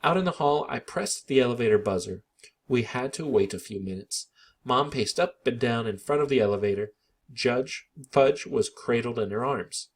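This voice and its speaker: A man reading a children's book aloud in an expressive, animated narration. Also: medium pitch.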